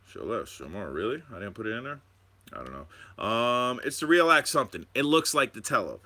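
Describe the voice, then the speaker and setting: Male live-stream host at home; animated, bright-edged, excited rambling to chat. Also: medium pitch, a little fast. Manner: excited, rambling, talks to viewers. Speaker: drone channel host.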